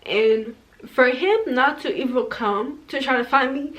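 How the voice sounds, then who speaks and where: A young woman with a slightly high voice tells a personal story straight to her camera. She talks casually, leans on "like" a lot, and lets raw feeling come through. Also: unhurried, fairly bright tone. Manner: casual, heavy use of "like", emotional and tearful in places. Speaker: vlogger. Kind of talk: story time vlog.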